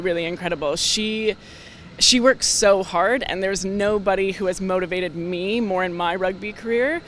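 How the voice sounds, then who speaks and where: A woman's voice: medium pitch, fairly bright tone, slight background noise. Upbeat young woman. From Canada. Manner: upbeat, lots of "like" fillers. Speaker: rugby player, interview guest. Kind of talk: casual interview chat.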